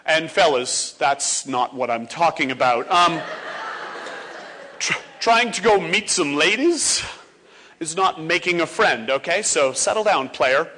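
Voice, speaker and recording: A man in his forties giving a comedic speech on stage, animated and acting out scenes for laughs. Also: on the high side, a little slow, slight background noise. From Ontario, Canada. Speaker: motivational speaker. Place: stage before a live audience.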